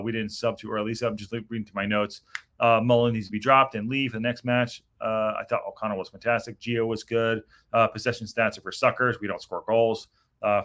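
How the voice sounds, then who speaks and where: A man's voice: lowish voice, fairly bright tone. A middle-aged man hosting a post-match reaction stream, rambling and swearing in frustration as he reads viewer comments. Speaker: podcast host reading chat.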